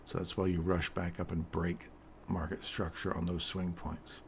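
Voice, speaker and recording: Low-voiced man with a groggy morning voice. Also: flat delivery, normal speed, creaky, slight background noise. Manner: casual, explanatory, joking, keeps asking "right?". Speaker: trading stream host. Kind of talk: live trading commentary.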